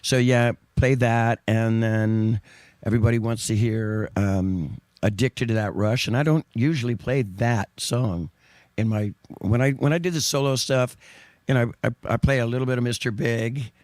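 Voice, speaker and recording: A man's voice: medium pitch, normal speed, darkish tone, no room sound. A man telling stories in casual chat, rambling and correcting himself, often breaking into laughs. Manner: rambling, self-correcting storyteller with frequent laughs. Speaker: guest singer.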